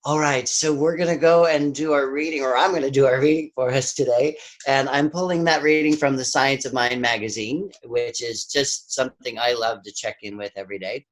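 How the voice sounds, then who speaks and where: A man leads a spiritual reading with a calm, reflective delivery. His voice sits at an ordinary middle pitch, and he takes his time over each phrase. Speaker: service reader.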